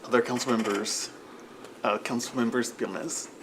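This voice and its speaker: A man chairing a city council meeting, calling on speakers in a formal, even way. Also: mid-range voice, moderate pace, background noise.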